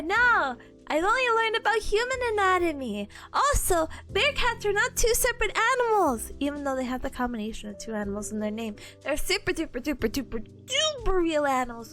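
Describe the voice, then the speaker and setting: Young woman streamer at home on a desk mic, bubbly and rambling, high animated voice. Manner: bubbly, giggly, rambling storyteller. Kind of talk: casual study stream chat.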